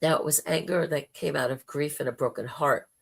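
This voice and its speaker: A woman hosting a live spiritual talk, telling a personal story slowly and heartfelt, with dramatic quoted asides. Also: low-pitched, gravelly. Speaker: spiritual talk show host.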